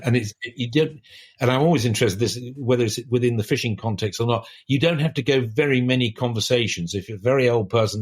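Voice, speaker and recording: A man's voice: lowish voice, breathy edge. An older man, a writer guest on a podcast, talking in a reflective, discursive way with many restarts. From England. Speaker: author guest.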